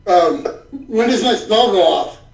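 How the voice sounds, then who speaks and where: A man playing in a tabletop game, reacting eagerly and quickly to the rolls. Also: sits high, expressive, creaky, reverberant, rough recording. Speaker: player. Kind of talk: casual tabletop play.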